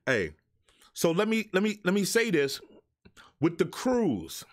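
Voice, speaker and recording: Speaking a little slowly, this high-pitched man lets his pitch swoop wildly as he rants on his own live show. He is profane and exasperated, aiming his live stream tirade at the people who send him music.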